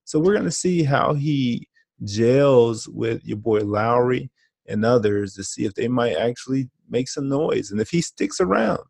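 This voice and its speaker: Gravelly laid-back man chatting. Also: mid-range voice, lively intonation, a little slow, a little mellow, no echo. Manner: laid-back slangy, laughs often. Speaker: podcast co-host. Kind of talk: casual chat.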